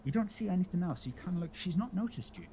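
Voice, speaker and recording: A man narrating a tabletop game as game master, halting with many ums and restarts. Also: high voice, lively intonation, mellow, a little hiss or hum, poor audio.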